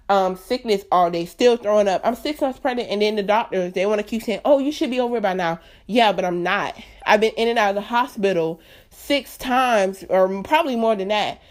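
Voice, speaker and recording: A woman in her late twenties with a mid-range voice talks on her own podcast. She speaks earnestly and emphatically, chatty and unscripted, often turning to address her listeners directly. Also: mid-range voice. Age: late 20s. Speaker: podcast host. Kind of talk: candid solo podcast talk.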